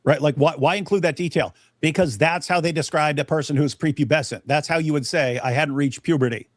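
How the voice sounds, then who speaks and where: A man's voice: on the high side, a little fast, no echo. A man hosting a call-in debate show, talking in an emphatic, exasperated way. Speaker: host.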